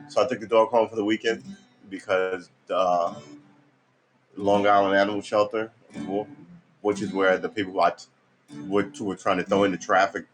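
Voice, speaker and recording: A man's voice: lowish voice, a bit bright. A man, tired and just woken up, casually rambling through a story while practicing guitar, with loose fillers and easy swearing. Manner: laid-back, swears casually, trailing fillers.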